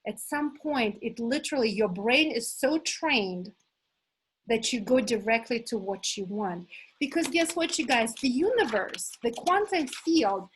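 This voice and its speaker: A middle-aged woman leading a live motivational workshop as a coach, enthusiastic and animated, talking to her listeners as "you guys". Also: fairly high pitch, unhurried, slight background noise, low-quality recording. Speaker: manifestation coach hosting an online challenge.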